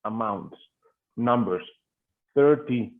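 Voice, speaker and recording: A man's voice: medium pitch, animated, slow. A man in a coaching session, polite and apologetic as he joins in. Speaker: coaching client. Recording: tinny phone line.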